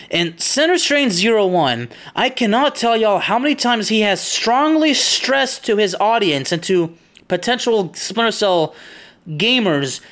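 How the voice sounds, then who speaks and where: A man's voice: sits high, a bit bright. A man hosting a podcast, recapping a video game mission from memory in a rambling, chatty way and laughing often. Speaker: podcast host.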